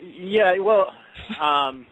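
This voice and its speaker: A man's voice: sits high, expressive, drawn-out words, fairly bright tone, dry recording, rough recording. A man co-hosting an online radio talk show, chatting with lots of fillers and hesitations. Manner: hesitant, many fillers, trailing off. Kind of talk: casual chat.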